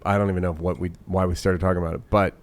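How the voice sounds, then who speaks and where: A comedian guest in a loose podcast chat, a man with a fairly low voice. He talks in a dry, deadpan way, wandering through his thoughts and slipping in jokes with a straight face. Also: very fast.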